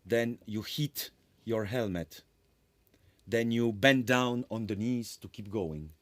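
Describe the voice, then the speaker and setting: A man's voice: lowish voice, takes it slowly, no echo. A middle-aged man, a composer giving a conference lecture on his work, rambling and correcting himself with apologetic asides. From France.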